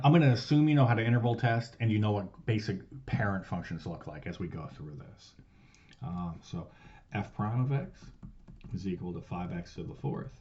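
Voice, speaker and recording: A man teaching a casual recorded math lesson, loose and profane, swinging between loud stressed words and quiet trailing asides. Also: on the low side, highs cut off. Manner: loose and profane, swears casually while explaining.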